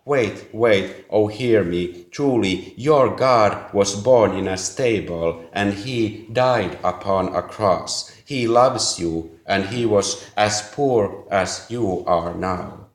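An earnest, gentle young woman pleading in a storybook reading, as a low-voiced man puts her on. The delivery is slow and measured. A roomy echo surrounds it. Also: lightly acted. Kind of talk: audiobook reading.

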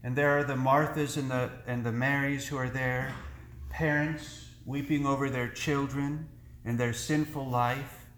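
Male priest preaching a sermon at a slow, unhurried pace, earnest and deliberate, mid-pitched voice, echoing church room. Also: level tone, fairly bright tone.

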